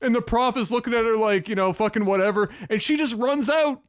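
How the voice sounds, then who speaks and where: A young man telling a story on a podcast in a casual, profane, animated way. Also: very high voice, brisk, clear, resonant tone, no echo, studio quality. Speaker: podcast co-host.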